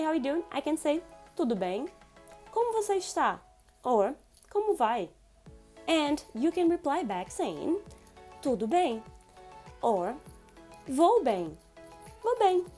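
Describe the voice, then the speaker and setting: A woman teaching a beginner language lesson, repeating words slowly for learners. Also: on the high side, dark tone. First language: Portuguese.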